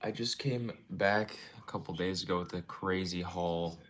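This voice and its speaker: A man's voice: low voice, normal speed, a bit bright. A young man streaming from his room at home, rambling casually and talking to his chat in a laid-back way. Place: home room with game shelves.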